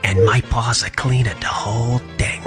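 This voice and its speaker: A woman's voice: a bass voice, steady tone, normal speed. A woman voicing a tough male gangster cat boss who talks like an old-movie mobster, in a played clip with music behind. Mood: menacing. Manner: gruff old-movie mobster talk, ends lines with "see?".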